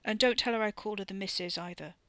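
A man's voice: high voice, fast talker, a bit bright, dry recording. A woman voicing a drowsy, stoned man who talks in a lazy, slurred drawl with a broadening accent.

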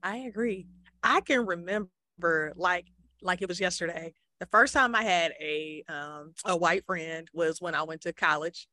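A woman co-hosting a podcast, chatting casually and telling an animated story in which she acts out her own reactions. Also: lowish voice, unhurried, dry recording, studio quality. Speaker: podcast co-host.

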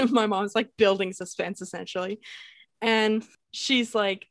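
A young woman casually telling a ghost story on a podcast, animated, laughing and swearing as she goes. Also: medium pitch, unhurried, vocal fry, no room sound. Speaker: podcast co-host.

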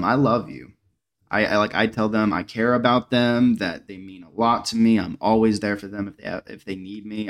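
Male podcast host, lower register, affectionate, encouraging, casual chat. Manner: warm, openly affectionate and encouraging.

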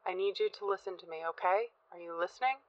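A terrified, manic husband, as a woman reading the story puts him on, pleading in a low, drawn-out voice. The recording sounds dull and muffled, with a dry, close sound and no room echo. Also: far from the mic, lightly acted. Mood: urgent. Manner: desperate, manic, urgent pleading. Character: frantic, terrified middle-aged husband.

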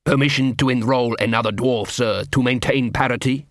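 A man reading an audiobook, voicing a quick-tempered dwarf watchman who shouts indignantly. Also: mid-range voice, fairly even intonation, no echo, studio quality, lightly acted. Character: fiery short dwarf watchman.

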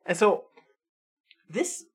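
A man in casual chat reviewing a movie, animated, swearing and acting out quick impressions. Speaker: co-host.

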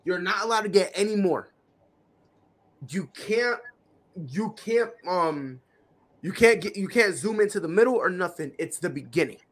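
A man with a fairly high, bright voice that swings up and down a lot. He co-hosts a podcast and talks in loose, slangy casual chat, hyping himself up and trash-talking his friend. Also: lively intonation, normal speed, long pauses. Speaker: podcast co-host.

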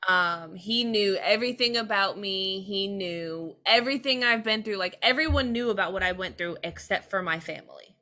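A young woman with a bright, forceful voice talks candidly as a podcast guest. She is earnest and open, and lets out a laugh now and then even when the subject is heavy. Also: medium pitch, normal speed, few pauses. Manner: open, earnest, laughs while telling hard things. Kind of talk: candid personal conversation.

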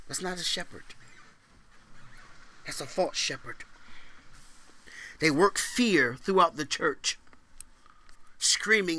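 A man preaching a sermon as pastor, booming out scripture readings and dropping to quiet conversational asides, asking for amens. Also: big pitch swings, normal speed, pauses often, dry recording.

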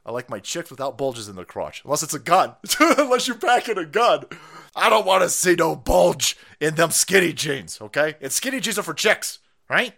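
A male streamer rants in a casual, profane way, mocking as he goes and laughing often. His pitch is lively and swings widely, jumping up when he slips into silly put-on voices. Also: normal speed, vocal fry. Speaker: political stream host. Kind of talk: casual ranting live stream.

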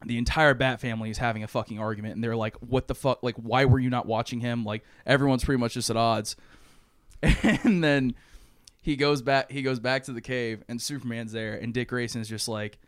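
Young male co-host, lively plot recap, clean dry voice, acts out every line. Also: medium pitch, fairly quick, clean tone, no room sound. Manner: animated storytelling, acting out characters' lines, frequent swearing and laughs. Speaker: podcast co-host. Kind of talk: casual chat retelling a movie plot.

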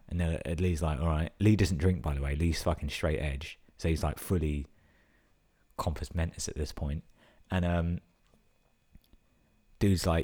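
A man's voice: low voice, moderate pace, darkish tone. A young man tells stories casually, swearing a lot and filling his talk with 'like'. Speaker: vlogger telling stories. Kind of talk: casual storytelling.

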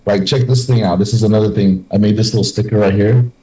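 A man's voice: fairly low pitch, steady tone, fast talker, mellow, low-quality recording. Rambling young man on a podcast. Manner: rambling, many restarts and fillers. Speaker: podcast host. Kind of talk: casual podcast chat.

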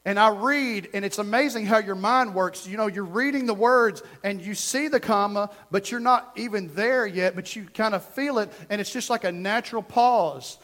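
A man preaching a fervent sermon as pastor, dropping to a hush and then rising to shouts. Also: high voice, moderate pace, few pauses. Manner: fervent, swings from hushed to shouting.

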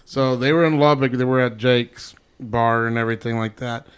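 A man's voice: mid-range voice, moderate pace, smooth. A man, a regular on a casual podcast, telling stories with lots of swearing and acted-out dialogue. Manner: excitable storyteller, swears freely, acts out dialogue. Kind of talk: casual chat.

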